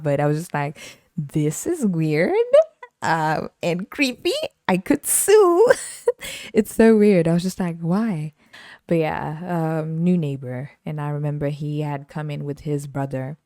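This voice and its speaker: A woman's voice: deep voice, warm tone, no echo, clean studio sound. A young woman hosting a podcast, telling stories casually, laughing often and acting out the voices of the people she quotes. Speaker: podcast host. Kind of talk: casual solo storytelling.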